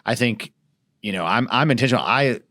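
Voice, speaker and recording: A man's voice: mid-range voice, animated, brisk, pushed and bright, no echo, clean studio sound. A male pastor chatting casually on a church podcast, rambling with frequent restarts.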